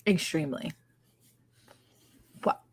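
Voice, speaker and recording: A woman co-hosting a podcast, mostly giving short reactions and questions as she listens. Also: slow pace. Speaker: podcast co-host. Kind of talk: casual chat.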